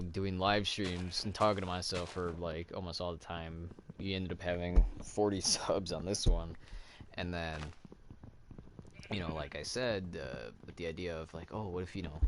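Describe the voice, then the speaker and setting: A man casually chatting while playing a game, rambling with lots of fillers and little laughs. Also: deep voice. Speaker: let's play host. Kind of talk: casual gameplay commentary.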